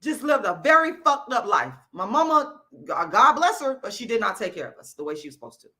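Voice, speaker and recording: Woman vlogger, fiery profane rant, bright and forceful tone, higher-pitched voice. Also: sing-song, a little fast. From Florida, US. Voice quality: loud, profane, repetitive emphatic delivery. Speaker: YouTube channel host. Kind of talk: angry direct-to-camera rant.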